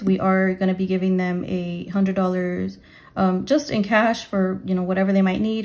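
A young woman chatting casually to her viewers, loose and rambling, full of little fillers and restarts. Her voice is mid-pitched and keeps a flat, level line, even when she counts bills aloud in a steady rhythm. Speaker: budgeting vlogger. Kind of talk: casual talk to camera while counting cash.

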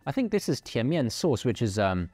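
Man, food show presenter, animated swooping intonation, playful jokey asides, faint music behind. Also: medium pitch, normal speed, husky, dry recording. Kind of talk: casual on-camera food review.

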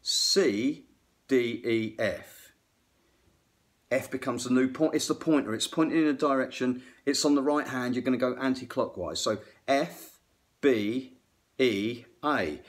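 A middle-aged man talks theory straight into his phone camera, rambling and excitable. He cuts himself off mid-thought and jumps between ideas. His voice sits at an ordinary middle pitch for a man. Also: unhurried. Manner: rambling, excitable, self-interrupting. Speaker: guitar tech and aspiring guitar teacher. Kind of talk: casual music theory vlog to camera.

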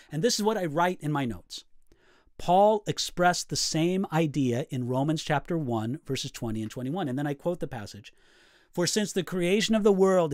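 A middle-aged male pastor teaches how he studies scripture, reading passages aloud and reflecting on them with real earnestness. His voice sits a little high for a man and moves animatedly up and down. The recording is dry, with no room sound. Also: dry recording. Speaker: pastor teaching Bible study. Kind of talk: explaining study notes.

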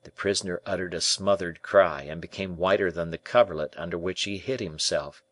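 A man narrating an audiobook in an even, measured way. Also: low voice. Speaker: audiobook reader. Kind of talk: scripted narration.

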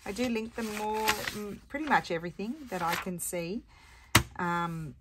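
A woman's voice: mid-range voice, steady tone, a little slow, very noisy. A woman hosting a casual crafting session, chatting to viewers in a rambling, friendly way as she sorts papers. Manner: chatty, rambling, talks to viewers while working. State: has the hiccups. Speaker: crafting channel host. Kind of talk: casual chat while crafting.

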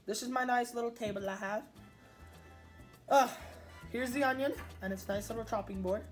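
A woman vlogging in a casual, playful way, joking with her viewers and breaking into sudden loud exclamations. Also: on the high side, normal speed, faint music behind. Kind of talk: casual vlog chat.

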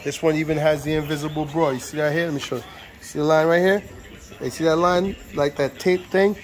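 A man with a fairly high voice runs through a casual sales walkaround outdoors on a car lot. His patter is playful and pumped up, and he keeps circling back to the same catchphrases. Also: steady tone, a little fast. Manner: hyped, playful salesman patter with lots of repetition. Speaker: used car dealer.

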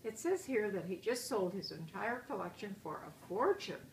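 A woman's voice: medium pitch, expressive, normal speed, distant mic, natural voice. A woman reading aloud as a sensible bear mother in a picture book, in a roomy recording with faint hiss. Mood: matter-of-fact.

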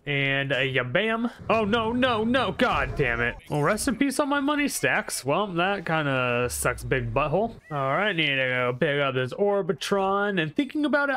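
A young gaming channel host rambles sarcastically through casual gameplay commentary, often talking back to the on-screen characters. His fairly high voice sounds pushed and bright.

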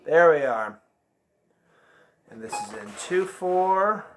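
A man's voice: on the high side, lively intonation, slow pace, fairly bright tone, a little hiss or hum. A man teaching an online band lesson, patiently counting beats aloud and calling out note names.

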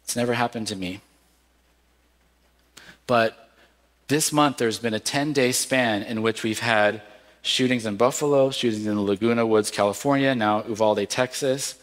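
A pastor preaching a sermon in an earnest, measured way, with cries of lament now and then. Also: male voice, medium pitch. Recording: long hall reverb.

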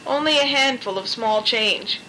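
High, bright woman reading a storybook. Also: measured pace, slight background noise, rough recording.

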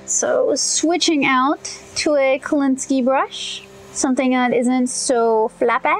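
A young woman from Louisiana, chatting casually as she paints, thinking out loud and correcting herself as she goes. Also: high-pitched, steady tone, slow, slight background noise, poor audio. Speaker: comic artist testing paints.

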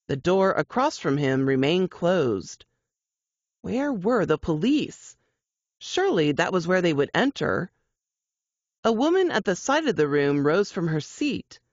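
Woman, low voice, slow dramatic fiction reading; dry, lo-fi sound. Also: dry recording. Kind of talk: reading a fiction excerpt aloud.

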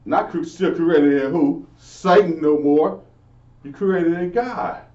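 A man's voice: fairly high pitch, takes it slowly, darkish tone. Earnest man teaching the Bible, echoey. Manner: earnest, preachy, asks and answers himself. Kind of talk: informal Bible lesson. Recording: echoey, distant, dull lo-fi.

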